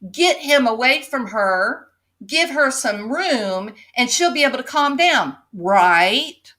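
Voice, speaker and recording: A woman commentator with a fairly high voice that rises and falls a lot as she talks. She takes her time, leaning into sarcasm and tossing out pointed rhetorical questions. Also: expressive, slow, pushed and bright. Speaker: commentary show host. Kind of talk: opinion commentary to camera.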